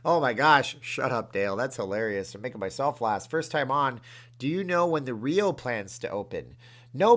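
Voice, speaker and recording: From his room, a medium-pitched livestream host keeps up casual chatter, reading out comments from viewers and eagerly thanking them.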